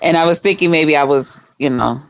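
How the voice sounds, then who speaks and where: A woman's voice: low voice, fairly quick, dry recording. A woman guest on a live stream panel, chatting in a playful, teasing way with frequent laughs. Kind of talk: casual chat.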